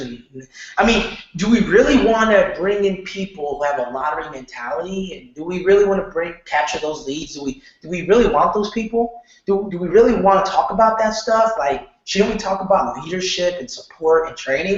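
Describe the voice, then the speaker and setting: Animated marketing coach in echoey room. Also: male voice, sits high, fairly quick, dull audio. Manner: animated, repeats "okay?", loose slangy talk. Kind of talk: casual training lecture.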